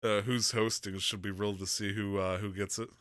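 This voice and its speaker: A man's voice: fairly low pitch, flat delivery, normal speed, fairly bright tone, dry recording, clean studio sound. A man from Michigan hosting a podcast, joking around and laughing easily in casual chat. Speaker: podcast host.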